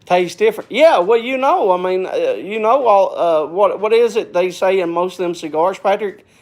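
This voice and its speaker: A man's voice: sits high, moderate pace. A man hosting a live stream in casual chat, rambling, folksy and repetitive, sometimes working himself up. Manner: gets worked up then calms.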